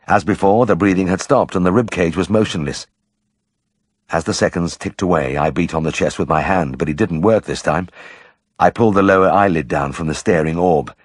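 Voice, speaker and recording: Male audiobook narrator, deep, husky, dry close sound. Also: a little fast, no echo.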